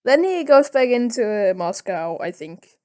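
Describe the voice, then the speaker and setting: A woman's voice: fairly high pitch, very animated, moderate pace, warm tone. A woman podcast host retelling a comic in a casual, rambling way, with many fillers and self-corrections.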